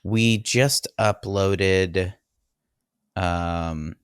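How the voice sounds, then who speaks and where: A man hosting a podcast in a relaxed, casual chat, leading segments and thanking listeners. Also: low voice, extremely slow, clear, resonant tone, no echo, studio quality. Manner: laid-back, leads segments and thanks patrons. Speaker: podcast host.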